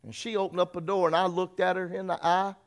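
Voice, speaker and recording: Guy preaching and telling his story, kinda high voice, goes soft then yells at the congregation. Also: level tone, fast. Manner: swings from quiet storytelling to shouted preaching; addresses the congregation directly. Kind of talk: sermon with personal testimony.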